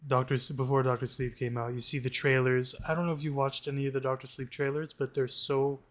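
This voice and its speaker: A man's voice: mid-range voice, fast. A man co-hosting a movie podcast, ranting casually with lots of restarts. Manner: ranting, animated, frequent restarts. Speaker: podcast co-host.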